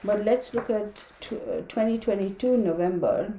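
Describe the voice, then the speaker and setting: A woman's voice: medium pitch, moderate pace, dark tone, reverberant, a little hiss or hum. Chatty woman reading astrology dates. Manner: chatty, reads dates aloud, addresses viewers as y'all. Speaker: tarot reader. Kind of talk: casual astrology talk to viewers.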